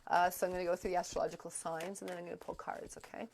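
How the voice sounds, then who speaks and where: A woman doing a live tarot and astrology reading, halting and rambling with many fillers, her throat strained and coughing now and then. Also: lowish voice, level tone, creaky, darkish tone, a little hiss or hum. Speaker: tarot reader.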